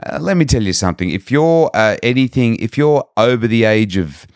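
A man's voice: medium pitch, lively intonation, a little fast, a little mellow, dry recording, clean studio sound. A man co-hosting a podcast, joking bluntly and swearing freely in casual chat. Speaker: podcast co-host.

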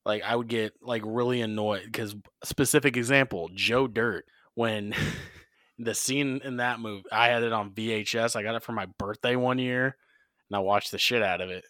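A man's voice: medium pitch, steady tone, moderate pace, a bit bright, no room sound, clean studio sound. A man co-hosting a podcast, telling rambling stories in a casual chat and swearing freely. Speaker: podcast co-host.

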